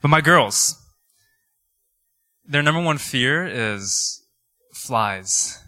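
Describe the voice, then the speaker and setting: A man's voice: medium pitch, very slow, no room sound, clean studio sound. A man, preaching a sermon in a conversational, storytelling way with many fillers. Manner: conversational, animated storytelling with laughs and filler words. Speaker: pastor. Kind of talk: sermon with personal stories.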